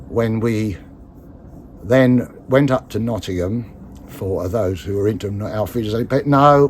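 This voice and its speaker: An actor and musician from the London area of England tells a long story about his career as a casual anecdote. His voice is lowish with a slight hiss or hum, and he rambles chattily, correcting himself as he goes.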